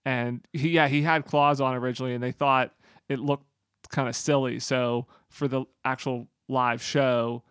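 A man's voice: mid-range voice, fairly even intonation, moderate pace, a bit bright, clear, resonant tone, no echo, clean studio sound. A man co-hosting a casual podcast chat, talking in enthusiastic, rambling bursts. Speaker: podcast co-host. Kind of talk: casual chat about a musical.

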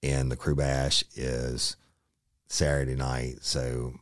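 A man's voice: rumbling low, completely flat delivery, slow pace, dry recording, clean studio sound. A middle-aged man from Louisiana, a former detective hosting a podcast and telling a profane, laughing story. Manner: profane, laughing storyteller who acts out quotes. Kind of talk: casual storytelling.

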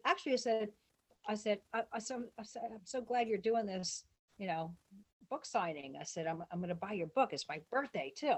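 A woman guest in an interview, telling long rambling stories and acting out what people said in lively voices. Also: medium pitch, husky. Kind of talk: casual storytelling interview.

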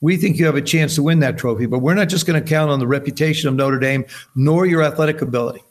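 A fast-talking man with a voice on the high side, in his seventies and from New Jersey. As a podcast guest in easygoing conversation, he brings his stories to life by voicing the people in them.

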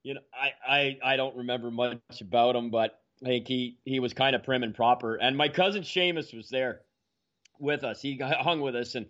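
A man telling an easygoing, meandering family story in a measured way during casual conversation. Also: medium pitch, steady tone, fairly bright tone. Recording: dull, muffled audio.

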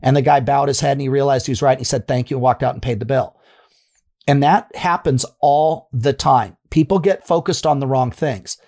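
A man's voice: mid-range voice, brisk, creaky, darkish tone. A man co-hosting a coaching talk, telling anecdotes and acting out the people in them. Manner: anecdotal, acts out quotes. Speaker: business coach co-host. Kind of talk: casual storytelling advice.

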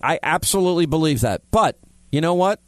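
A man's voice: fairly high pitch, expressive, fairly quick, no room sound. Blunt male talk radio host. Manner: blunt, emphatic, teasing callers. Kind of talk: talk radio, taking calls.

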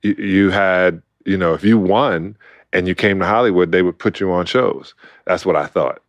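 A middle-aged man from Brooklyn, an animated storyteller who acts out quotes and laughs often, talking as a guest in a casual interview. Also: low voice, normal speed, no echo, muffled recording. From Brooklyn, New York. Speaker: guest, former basketball player.

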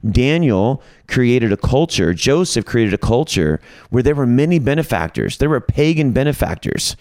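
A middle-aged man telling a long, humorous story in casual group talk, acting out his own lines and others' with lively quotes. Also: mid-range voice, normal speed, dry recording. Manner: humorous, coins playful words. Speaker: podcast guest.

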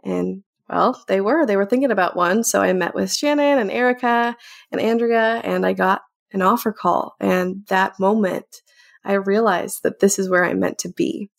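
Young woman doing her podcast bit, kinda gravelly voice, sincere and thankful, medium pitch. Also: moderate pace. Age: young adult. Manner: heartfelt, grateful, a little emotional. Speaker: intern hosting a weekly podcast segment. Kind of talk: casual personal talk to camera.

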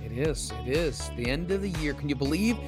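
Playful show host over music. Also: male voice, fairly high pitch, animated, fairly quick. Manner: playful, boastful banter. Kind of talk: casual chat on a stream.

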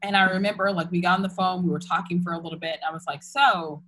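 A woman's voice: fairly low pitch, fairly even intonation, quick pace, fairly bright tone, low-quality recording. A young woman candidly retelling a personal story in casual chat, full of fillers and restarts.

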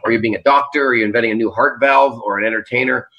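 A man's voice: mid-range voice, steady tone, rapid-fire, bright, forceful tone, dull audio. A man from Canada, a stage entertainer, reflecting earnestly in a rambling interview answer from his kitchen. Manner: rambling, earnest, many fillers. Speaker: Las Vegas Strip entertainer, guest. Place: home kitchen.

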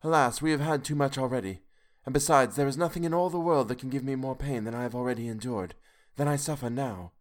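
A man's voice: medium pitch, fast talker, hardly any pauses, voice pushed up, lightly acted. A man reading aloud as a brave, sorrowful young woman who speaks with earnest resolve.

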